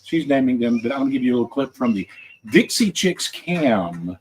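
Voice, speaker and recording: A man's voice: mid-range voice, very animated, fairly quick, a little hiss or hum, poor audio. A man hosting a podcast in a casual, rambling monologue, chatty and often correcting himself. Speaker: podcast host.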